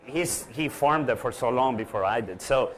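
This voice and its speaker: A man's voice: medium pitch, animated, normal speed, a bit bright, a little hiss or hum. Man guest-hosting a coffee chat. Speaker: coffee farmer, guest host. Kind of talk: casual chat.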